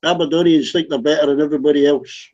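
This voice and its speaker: A man's voice: a little high, steady tone, fast talker, a little mellow. A man with a North Scottish accent in a casual group voice chat, blunt and teasing with heavy swearing. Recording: dull lo-fi online call audio.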